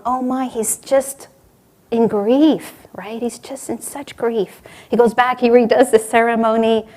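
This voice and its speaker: A woman delivering a sermon, moving through parables with gentle rhetorical questions. Her voice sits a little higher than most women's. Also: a little slow. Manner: warm storytelling, gently rhetorical. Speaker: spiritual teacher giving a talk.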